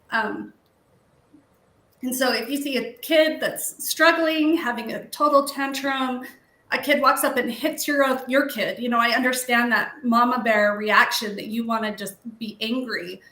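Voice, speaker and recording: A woman with a bright, sharp voice speaks on a panel as the mother of an autistic child. She is heartfelt and emotional and pauses often. The room around her echoes. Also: a little high, fairly even intonation. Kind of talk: casual panel discussion.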